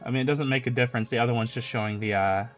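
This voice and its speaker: A man's voice: mid-range voice, fairly even intonation, racing, faint music behind. A male streamer chatting loosely and swearing freely, then reading fan fiction aloud. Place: home streaming setup.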